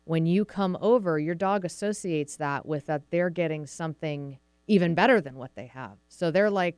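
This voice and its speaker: Chatty woman host, smooth, close and dry. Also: low voice, moderate pace, few pauses, darkish tone, no room sound. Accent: American Pacific Northwest. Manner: chatty, acts out quoted voices of dogs and owners. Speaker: podcast host, dog trainer. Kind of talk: casual explanatory talk.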